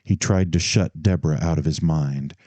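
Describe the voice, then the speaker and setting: Deep, mellow male audiobook narrator. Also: moderate pace, dry recording. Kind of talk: scripted narration.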